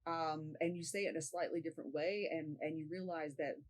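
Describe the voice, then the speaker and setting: A woman's voice: deep voice, fairly even intonation, a little fast, darkish tone, poor audio. A woman sales coach giving a casual tutorial to camera, talking conversationally and often checking in with "right?".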